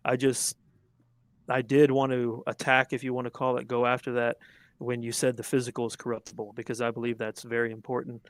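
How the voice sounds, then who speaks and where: Male debater, earnest, emphatic, dry close sound, mid pitch. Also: monotone, dry recording. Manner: earnest, emphatic, quick to argue. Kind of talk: theological debate.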